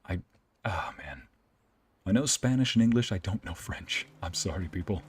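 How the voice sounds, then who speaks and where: A man's voice: sits low, expressive, normal speed, breathy edge. A man streaming a let's play, commenting playfully, joking and reading game dialogue aloud. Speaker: VTuber streamer and narrator.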